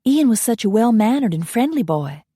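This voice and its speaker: A woman's voice: fairly high pitch, sing-song, normal speed, warm tone, husky, no room sound, clean studio sound, voice pushed up. A woman voicing a prim, sweet Southern belle vampire barmaid with a Southern accent and a sugary drawl. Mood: wistful. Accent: American Southern.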